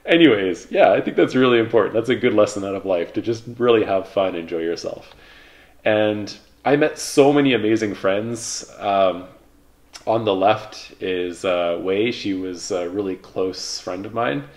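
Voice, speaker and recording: A man in his thirties casually telling stories about his past, relaxed and rambling, with lots of fillers. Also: lowish voice, normal speed. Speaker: vlogger, pilot. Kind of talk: casual reflective storytelling.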